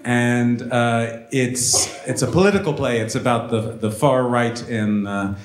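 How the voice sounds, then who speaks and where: A man speaks hesitantly at a live book event, his delivery slow and unhurried and his sentences full of fillers and restarts. The room around him rings with a noticeable echo. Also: mid-range voice. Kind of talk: unscripted remarks at a live event. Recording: echoey live auditorium recording.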